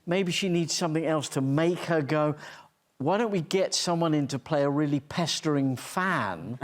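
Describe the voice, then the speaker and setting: Rambling man telling a long anecdote. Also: fairly high pitch. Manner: rambling, self-deprecating, halting restarts. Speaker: talk show guest.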